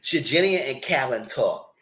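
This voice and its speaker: Male TV recap host, casual and animated, middle pitch, lively delivery that acts out the quotes. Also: unhurried. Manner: animated retelling, quoting characters in shifting voices. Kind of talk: casual live recap commentary.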